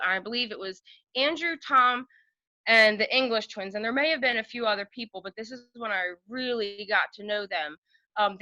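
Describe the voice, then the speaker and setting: A woman's voice: fairly high pitch, sharp tone, dry recording, dull audio. A woman in her thirties, a podcast guest chatting and telling long stories with fillers and laughs. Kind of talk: casual storytelling chat.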